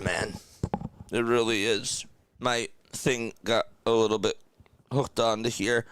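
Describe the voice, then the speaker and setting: A young man calling baseball play-by-play on a live charity stream through a headset, loudly thanking donors and then speaking softly and emotionally. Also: fairly low pitch, clear, resonant tone. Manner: excitable, shouts thanks to donors, turns emotional and quiet.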